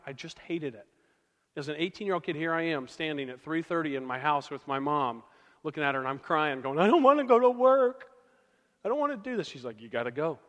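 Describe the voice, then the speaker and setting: A man's voice: a little high, fairly bright tone. Man, pastor, conversational storytelling sermon, long hall reverb. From Oklahoma.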